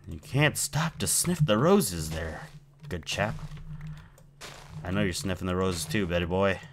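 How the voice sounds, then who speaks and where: Slow, low-voiced man playing a game. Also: fairly bright tone, a little hiss or hum. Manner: playful, talks to his in-game pet, rambling. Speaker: gameplay video host. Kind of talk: casual let's-play commentary.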